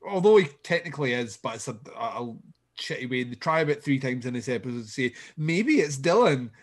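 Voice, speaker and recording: A man's voice: medium pitch, fast talker. A man co-hosting a casual comedy podcast, sardonic and sweary, laughing often as he recaps a show. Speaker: podcast co-host.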